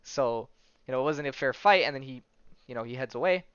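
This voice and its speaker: A man in a casual podcast monologue speaks in a smooth, clean voice at a middle pitch. He keeps a loose, chatty flow, with plenty of fillers and the odd curse word. The recording is dry and a little dull. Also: brisk, fairly bright tone, dry recording. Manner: loose and chatty, many fillers, tag questions and swearing. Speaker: podcast host. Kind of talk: casual podcast monologue retelling a comic story.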